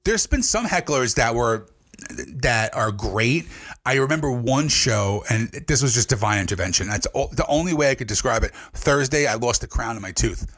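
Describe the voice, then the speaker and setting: A man's voice: mid-range voice, animated, moderate pace, fairly bright tone. A man, a comedian guest, telling brash, profane stage stories in casual podcast chat and acting out the voices he quotes.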